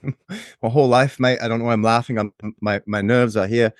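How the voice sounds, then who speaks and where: A man's voice: mid-range voice, fairly even intonation, brisk, dry recording, studio quality, lightly acted. A man voicing a shocked, foul-mouthed neighbor witness, rambling and repeating himself. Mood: shaken. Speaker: podcast co-host. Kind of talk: improvised comedy sketch.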